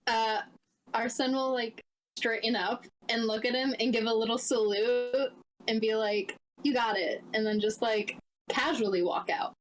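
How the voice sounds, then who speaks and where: A woman's voice: a little high, fairly even intonation, moderate pace, rough recording. A woman playing a tabletop game, chatty and giggly. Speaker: player. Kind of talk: casual tabletop play.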